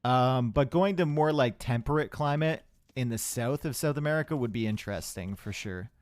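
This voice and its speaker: A man's voice: medium pitch, normal speed, no echo. Chatty young male game caster, dry sound. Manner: chatty, rambling asides with the chat. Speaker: esports caster. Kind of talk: live game commentary.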